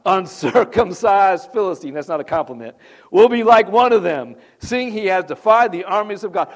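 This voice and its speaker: A man's voice: sits high, animated, a little fast. A man preaching a sermon, reading scripture aloud and talking with the congregation in a conversational way. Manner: conversational, asks the congregation questions; reads scripture aloud with rising emphasis. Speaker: pastor.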